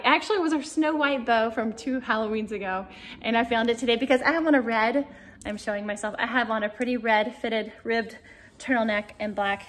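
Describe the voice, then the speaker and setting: Brief: woman vlogger, high voice, gushing and chatty, casual talk to camera.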